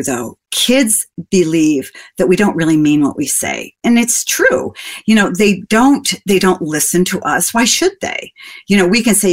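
An older woman giving a parenting talk, chatting with the audience, asking them questions and telling stories from her own family. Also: low voice. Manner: conversational, asks the audience questions and tells personal stories. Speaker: parenting speaker.

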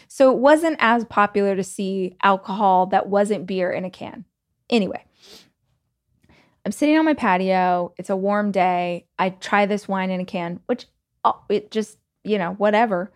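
A Southern American woman hosts her podcast in a loose, chatty monologue. She tells her story casually, filling her sentences with "like" and "you know." Her voice sits at a middle pitch. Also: moderate pace. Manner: chatty, animated, many "like"s and laughs. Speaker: podcast host and author.

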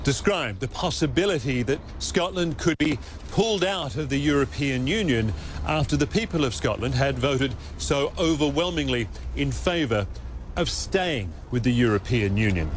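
A man delivering a formal broadcast news report in a measured voice. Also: mid-range voice, expressive. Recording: news clip with faint background noise.

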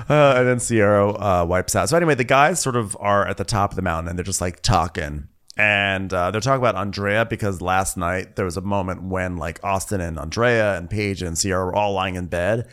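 A man's voice: deep voice, normal speed, smooth. A man co-hosting a podcast, making wry, joking asides while recapping a reality show in casual chat. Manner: wry, joking asides, loud mock-quotes. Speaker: podcast co-host.

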